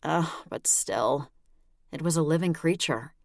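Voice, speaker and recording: Very low-voiced woman narrating. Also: measured pace, dry recording, studio quality. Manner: wry, lively storytelling. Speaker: audiobook narrator. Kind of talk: first-person audiobook narration.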